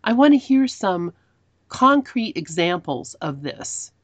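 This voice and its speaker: A woman with a lowish voice speaks earnestly in a casual spiritual discussion, asking for concrete examples and thinking aloud. The sound is dry and close. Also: sing-song, slow pace, no room sound.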